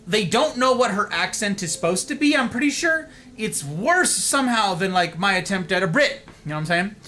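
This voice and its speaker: A man's voice: high voice, bright, forceful tone, slight background noise. A man streaming a video game, joking playfully with his chat and putting on silly voices. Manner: playful, goofy, jokey voices. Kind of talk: live game commentary.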